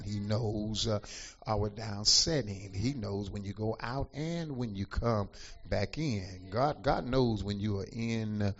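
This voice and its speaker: A man preaching a sermon, slow and deliberate, dropping "amen" and "uh" between phrases. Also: on the low side, slightly rough. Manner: slow and deliberate, frequent "amen" and "uh" fillers, rising toward the end. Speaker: pastor. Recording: dull lo-fi recording.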